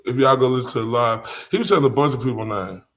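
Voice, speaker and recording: A man's voice: medium pitch, fast talker, a bit bright. A man with a Southern US accent hosting a live stream, talking bluntly and with profanity straight to his chat. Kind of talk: casual live-stream commentary.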